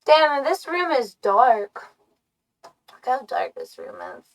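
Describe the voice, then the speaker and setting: A woman live streaming from a dark room, chatting casually, musing and often laughing or humming to herself. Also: high-pitched, huge pitch swings, takes it slowly. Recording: voice from far off the mic.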